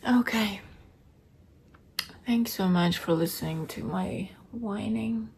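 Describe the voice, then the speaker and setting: A weary woman keeping a late-night video diary at home, talking softly and often dropping into a whisper. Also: medium pitch, slow, creaky. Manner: soft, tired, often drops to a whisper. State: weary, low on energy.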